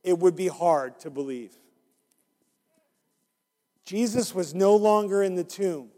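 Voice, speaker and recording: High-voiced guy reading a bible story to kids, lively, big echoey hall. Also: slow. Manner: animated, coaxing listeners to join in. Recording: long hall reverb.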